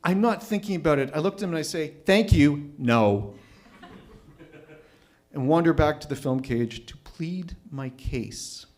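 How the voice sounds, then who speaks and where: A man's voice: a little high, moderate pace, few pauses, darkish tone. A man telling a personal story at a live storytelling night, wry and self-mocking.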